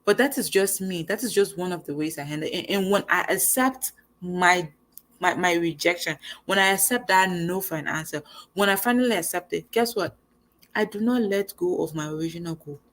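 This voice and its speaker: A young woman talks straight to her audience in a casual motivational chat. Her voice sits a little low, and she speaks in an animated, conversational way. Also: a little fast. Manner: animated, conversational, acts out quoted lines. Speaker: host.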